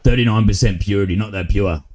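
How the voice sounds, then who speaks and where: A man's voice: on the low side, fast talker, a little mellow. Broad Australian man, crude banter. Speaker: streamer. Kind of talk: roleplay gaming chat.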